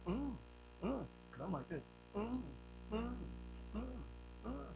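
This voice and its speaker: Gravelly high-voiced preacher. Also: male voice, very animated, measured pace, long pauses, noisy background. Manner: storytelling with vivid sound effects, swings between loud and hushed. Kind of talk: sermon.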